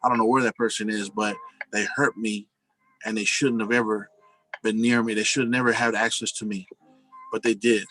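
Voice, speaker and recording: A man's voice: lowish voice, little pitch movement, normal speed, a bit bright, faint music behind, poor audio. A married man telling personal stories in a casual, earnest, rambling monologue, often saying "you know" and calling his listeners "guys". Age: adult, married with a family.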